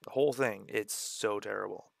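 A man's voice: on the low side, fairly even intonation, brisk, vocal fry, slight background noise. A man streaming, chatting casually and joking with swearing as he reacts to his own old videos.

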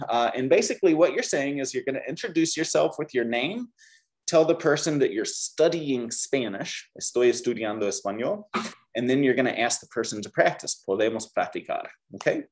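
Lively male Spanish teacher. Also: mid-range voice. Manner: upbeat, drills students with call-and-repeat. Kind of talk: classroom language lesson.

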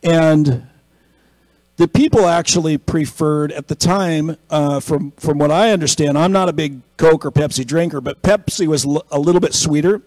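A man's voice: a little high, normal speed, darkish tone, no room sound, low-quality recording. A man preaching a conversational sermon, telling a story and acting out the people in it, then building to an emphatic exhortation. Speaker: pastor.

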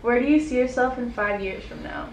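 A woman's voice: fairly high pitch, a little fast, roomy sound, a little hiss or hum. A woman asking short, friendly questions off camera. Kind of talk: casual Q&A chat.

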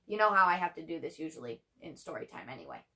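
A young woman teacher reads a chapter book aloud to her class, breaking off for animated, chatty asides to her students. Her voice is low and fast.

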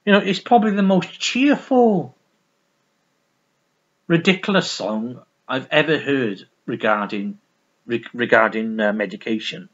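A man's voice: mid-range voice, animated, unhurried, lo-fi sound. A man reviewing records in a casual, rambling, sweary way, full of restarts. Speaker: music vlogger.

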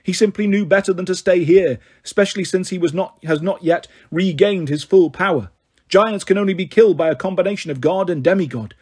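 A man's voice: sits high, a little fast, darkish tone, breathy edge. A man voicing a haughty queen goddess. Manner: commanding, scornful, regal. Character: haughty imperious queen goddess, female, ancient.

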